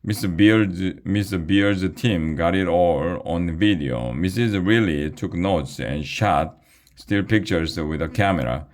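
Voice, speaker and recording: A man reading a children's book aloud in a steady manner, with small restarts. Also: sits low, a little slow. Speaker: reader.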